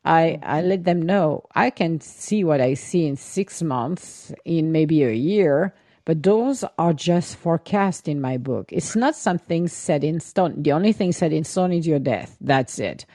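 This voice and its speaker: Chatty woman with a dark, low voice. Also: a little slow, no echo, clean studio sound. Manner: chatty, animated, acts out quoted voices. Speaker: host and intuitive reader. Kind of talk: casual live-stream chat.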